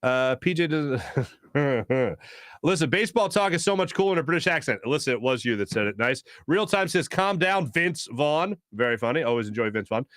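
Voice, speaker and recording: Medium-pitched with lively intonation and a fairly bright tone, a man talks fairly quickly while hosting a casual live sports stream. He jokes, hums filler tunes, tries celebrity impressions and reads viewer comments, in a dry studio-quality recording.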